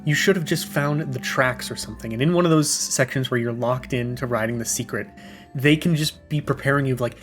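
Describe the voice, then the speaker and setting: A man's voice: medium pitch, a little fast, fairly bright tone, soft background music. A young man co-hosting a podcast, giving an opinionated, critical take in casual rambling speech. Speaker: podcast co-host. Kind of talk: casual chat.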